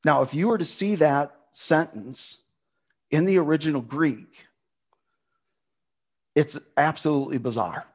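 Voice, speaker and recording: A man's voice: a little high, unhurried, pauses often, slightly rough, dull audio. A man preaching a sermon on a Bible passage, emphatic, repeating key words for stress.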